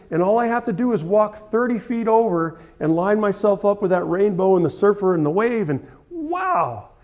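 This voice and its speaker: A man's voice: high voice, darkish tone. A middle-aged man giving a conference talk as a photographer, telling a personal story in an earnest, heartfelt way that builds to emotional peaks. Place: conference hall stage.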